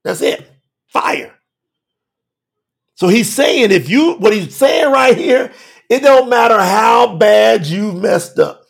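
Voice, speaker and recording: A man preaching a sermon with emphasis, moving between shouted lines and quiet low asides. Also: expressive, slow, gravelly, long pauses, husky.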